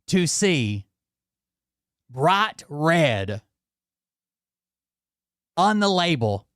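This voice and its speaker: A man's voice: a little high, fairly bright tone, smooth, dry recording, studio quality. A male channel host ranting casually to his viewers, exasperated and swearing often as he talks straight to them. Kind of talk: casual profane rant to viewers.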